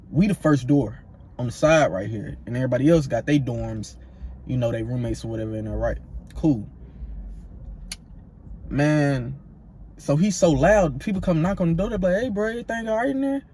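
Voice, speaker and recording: A man in his twenties telling a story in an animated, slangy way, repeating himself for emphasis. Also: mid-range voice, slightly rough. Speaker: vlogger. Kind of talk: storytime vlog.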